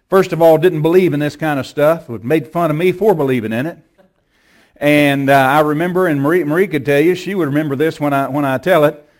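Preacher man, storytelling sermon. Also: on the high side. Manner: storytelling, rising to forceful commands. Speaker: pastor.

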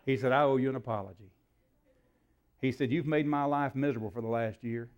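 A preacher man tells a story from the pulpit in an easy, folksy drawl. He slips into the voices of the people in his tale and fills pauses with "uh". His voice sits at a middle pitch. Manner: folksy storyteller, acts out dialogue, frequent fillers. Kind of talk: sermon storytelling.

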